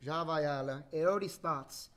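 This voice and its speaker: A man's voice: fairly high pitch, moderate pace, fairly bright tone. A man, hosting a playful bedtime story livestream with jokey, teasing asides. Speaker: host reading a bedtime story. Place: home livestream.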